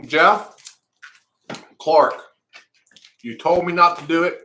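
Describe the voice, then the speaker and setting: A male vlogger eats a hot pepper on camera, speaking slowly through pained groans, breathless with a burning mouth. His voice is a little high, steady and sharp in tone, and the sound is roomy.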